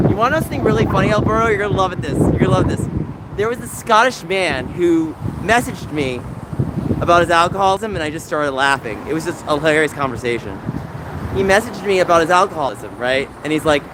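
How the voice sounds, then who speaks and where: A man's voice: high voice, lively intonation, fast. A man hosting a casual livestream from outdoors, chatting back to viewers and rambling between stories. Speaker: livestream host. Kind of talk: casual chat with live chat. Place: outdoors on a city street. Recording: noisy outdoor street recording.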